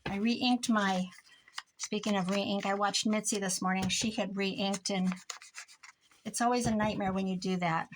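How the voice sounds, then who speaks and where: A woman's voice: mid-range voice, fairly even intonation, measured pace, a little hiss or hum, rough recording. A middle-aged woman with a Midwestern American accent, chatting casually to her viewers while she crafts in her craft room, rambling and laughing often. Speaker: crafting vlogger.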